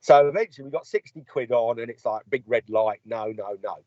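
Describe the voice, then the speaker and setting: A man's voice: mid-range voice, fairly quick, a little mellow, no echo. A man telling a long, sweary anecdote in a casual podcast chat and acting out the people he quotes. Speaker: podcast co-host. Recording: dull lo-fi podcast audio.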